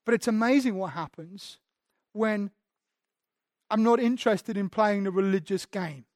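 A man's voice: high voice, a little slow, no room sound, studio quality. Candid self-deprecating male preacher. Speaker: pastor. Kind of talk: sermon.

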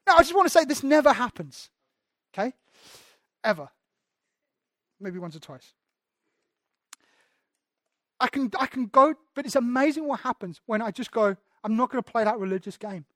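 A man's voice: very high voice, animated, moderate pace, long pauses, a bit bright, no room sound, clean studio sound. A man preaching a sermon as pastor, candid and self-deprecating, often restarting his sentences.

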